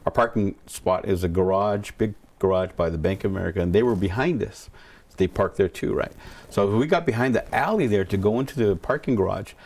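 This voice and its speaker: A man's voice: fairly low pitch, brisk, a little mellow. A man, a pastor, telling a personal story in a rambling way, repeating words and acting out what people said. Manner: rambling, repeats words, acts out quoted voices.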